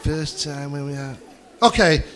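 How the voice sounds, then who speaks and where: Male stand-up, a touch high-voiced, loose and profane, always talking to the room. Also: animated, unhurried, a loud crowd, heavy background noise. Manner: rambling, swears freely, chats with the audience. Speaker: stand-up comedian. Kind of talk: stand-up comedy set with crowd banter.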